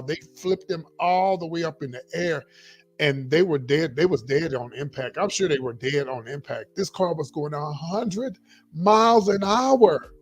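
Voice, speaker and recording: Middle-aged male livestream host, lively and a bit high-pitched, quiet music underneath. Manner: animated, repeats himself, talks straight to viewers as y'all. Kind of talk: casual livestream chat reading viewer comments.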